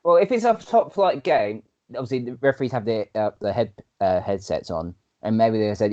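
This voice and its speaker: A man's voice: on the low side, lively intonation, fast talker, few pauses, a little mellow, lo-fi sound. A man co-hosting a podcast, rambling and repeating himself in casual chat. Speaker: podcast co-host.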